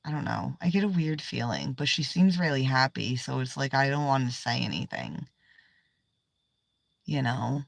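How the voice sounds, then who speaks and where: A woman's voice: very deep voice, normal speed, gravelly, fairly bright tone, no echo. A woman chatting casually on a tarot livestream, swearing freely, trailing off and now and then dropping to a whisper. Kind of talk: casual live-stream chat.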